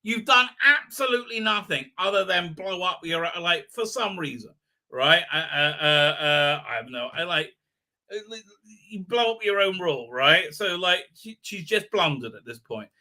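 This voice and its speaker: A man riffs sarcastically through a live episode commentary. His voice is very bright and cutting, sitting slightly high, and he keeps restarting with "uh, uh" before acting out lines in mocking voices. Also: expressive, moderate pace. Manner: sarcastic, mocking, acts out quotes in exaggerated voices; many fillers and restarts. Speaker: host.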